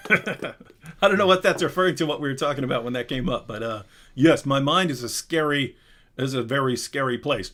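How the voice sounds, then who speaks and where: A man's voice: medium pitch, moderate pace. A man hosting a live question and answer stream, talking casually and animatedly, often breaking off and restarting. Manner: animated, rambling, self-interrupting. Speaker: live Q&A host. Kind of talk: casual livestream chat.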